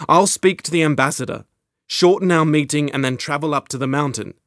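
A man reading an audiobook, voicing a protective young husband who speaks forcefully and urgently. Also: on the high side, fairly quick, no room sound, clean studio sound, pitched above the performer's own voice.

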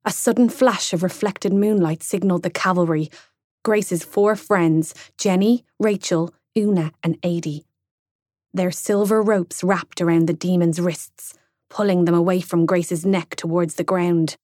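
Brief: young woman audiobook narrator, low-ish voice, unhurried measured reading, dry close sound. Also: steady tone, darkish tone, no echo. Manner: slow, measured storytelling reading. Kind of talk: scripted narration.

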